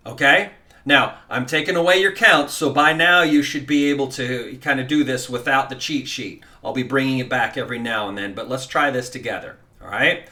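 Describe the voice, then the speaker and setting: A man's voice: mid-range voice, moderate pace, bright, forceful tone. A man teaching a guided guitar lesson, counting beats aloud and coaching the listener in a casual, encouraging way. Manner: casual, encouraging, many fillers.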